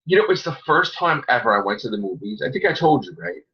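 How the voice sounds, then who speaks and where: Brief: New man, host, animated profane rants, bright lively voice, big swings in pitch. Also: fast talker, highs cut off, a little hiss or hum. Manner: excitable, profane ranting. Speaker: show host. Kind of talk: casual podcast chat.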